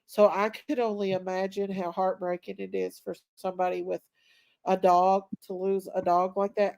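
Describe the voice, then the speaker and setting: A woman's voice: lowish voice, creaky, darkish tone, no room sound. A middle-aged woman, hosting a casual live stream and talking to her viewers in an emotional, affectionate way. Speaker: livestream host.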